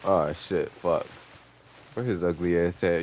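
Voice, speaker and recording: A young man commentating his online gameplay, taunting and cursing at opponents in an excitable, profane way. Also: low voice, measured pace, no room sound. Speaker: gamer streaming online play. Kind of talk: trash-talking gameplay commentary.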